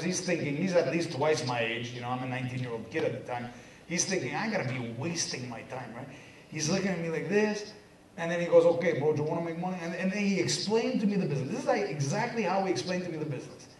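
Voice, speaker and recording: A man in his thirties from Quebec giving a lively motivational seminar talk, joking and poking fun at himself as he tells his story. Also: on the high side. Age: 30s. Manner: energetic, joking, self-mocking storyteller. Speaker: business seminar speaker. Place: seminar hall with a live audience. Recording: echoey hall, distant mic, audience.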